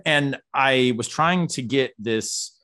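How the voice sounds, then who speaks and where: Middle-aged man, animated storyteller. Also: medium pitch, takes it slowly. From United States. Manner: animated storyteller, laughs often, frequent fillers. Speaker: philosophy professor guest. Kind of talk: casual conversational interview.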